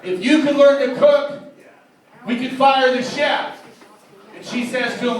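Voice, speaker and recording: A man's voice: extremely high pitch, unhurried, pauses often, a crowd in the background. A man doing live stand-up comedy, reeling off old-school jokes one after another with a repeated tag line. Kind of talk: live stand-up joke telling. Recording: very echoey room, voice from far off.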